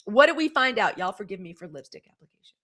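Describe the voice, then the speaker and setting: Fast and medium-pitched, a woman hosts a laid-back livestream, delivering animated commentary and reading the live comments aloud.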